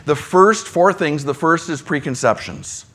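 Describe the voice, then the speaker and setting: A man preaching a sermon with a fairly high voice. He talks conversationally, dropping to quiet, low asides before rising again to make his point. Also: expressive, unhurried, breathy edge. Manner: conversational, swings between soft low asides and emphatic lines. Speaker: pastor.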